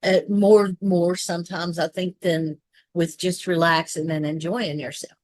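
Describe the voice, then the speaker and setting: A woman's voice: lowish voice, flat delivery, a little slow, darkish tone, dry recording. A woman with a Southern US accent, co-hosting a casual chat, rambling through long explanations with restarts and asides. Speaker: co-host.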